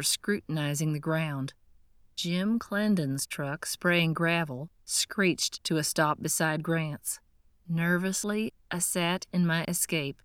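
A woman reading a first-person audiobook in a measured, tense, earnest way, close to the mic. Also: low voice, clear, resonant tone, dry recording. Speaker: audiobook narrator.

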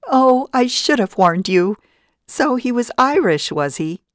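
A woman voicing a chatty, confiding librarian with a gossipy, lively way of talking, pitched well above her own voice. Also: normal speed, dry recording, clean studio sound, lightly acted. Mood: laughing.

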